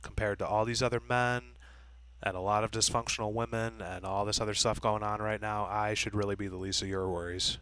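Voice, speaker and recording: A man's voice: on the low side, flat delivery, brisk, fairly bright tone, smooth, no echo, low-quality recording. A man talking straight to camera in a blunt, profane, lecturing monologue. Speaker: vlogger.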